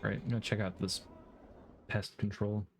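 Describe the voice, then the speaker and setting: A man's voice: on the low side, little pitch movement, slight background noise. A man streaming a game, talking casually with many halts, restarts and fillers. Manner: halting, stammering, lots of fillers.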